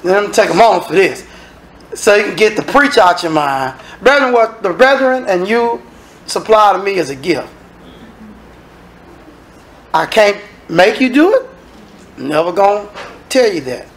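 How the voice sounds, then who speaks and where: A man preaching a sermon as minister, acting out dialogue and sometimes shouting. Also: high-pitched, expressive, a little slow, pauses often.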